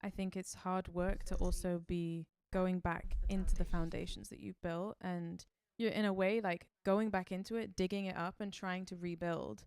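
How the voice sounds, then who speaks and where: A woman co-hosting a podcast, speaking calmly and reassuringly in reflective casual chat. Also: fairly low pitch, gravelly. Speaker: podcast co-host.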